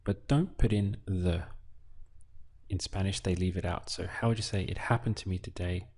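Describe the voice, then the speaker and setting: A man teaching a language lesson, slow and patient, quizzing the listener with prompts. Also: sits low, steady tone, darkish tone, slightly rough. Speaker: Spanish teacher.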